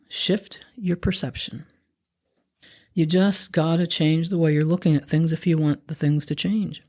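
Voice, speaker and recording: Podcast host, woman, lowish mellow voice, gentle reflective spiritual talk.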